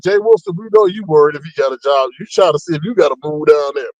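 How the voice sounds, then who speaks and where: A man hosting a casual gossip commentary, talking in a mocking, animated way and acting out what people said. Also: fast, dry recording, muffled recording. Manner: animated, mocking, acts out quotes with big pitch jumps. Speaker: commentary channel host.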